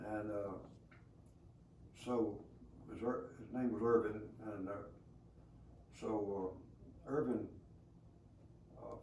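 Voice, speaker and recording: A man's voice: fairly low pitch, darkish tone, lo-fi sound. A man in his nineties from rural Alabama with a Southern American accent, telling stories from his life in an interview, rambling along with many hesitations and chuckles. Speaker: veteran being interviewed. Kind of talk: storytelling interview. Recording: roomy, from a distance, faint background noise.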